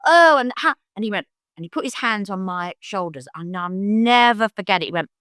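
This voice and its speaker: Older woman, London accent, mid pitch, storytelling guest, animated, dry close sound. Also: fairly quick, smooth, no room sound. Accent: London English. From London, England. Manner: animated, acts out quoted voices in bursts of high pitch. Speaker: psychic guest. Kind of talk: conversational storytelling.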